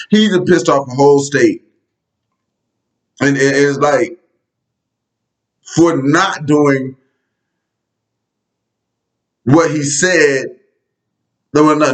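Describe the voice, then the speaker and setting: A man's voice: on the high side, poor audio. A man giving a casual political rant straight to his viewers, blunt, profane and sarcastic in tone. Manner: conversational, addresses viewers directly. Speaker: political commentary vlogger.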